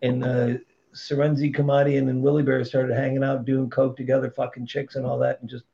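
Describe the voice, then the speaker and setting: A man's voice: medium pitch, brisk, creaky. A middle-aged man telling blunt, profane stories about his career as a podcast guest. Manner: blunt, profane, animated storytelling. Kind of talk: casual storytelling. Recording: dull lo-fi sound.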